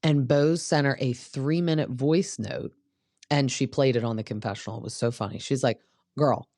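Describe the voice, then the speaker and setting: A woman's voice: rumbling low, moderate pace, dark tone, no echo, clean studio sound. A young woman hosting a casual recap show, chatty and opinionated, acting out what people said. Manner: chatty, opinionated, acts out quotes. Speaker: podcast host recapping reality TV. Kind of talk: casual chat.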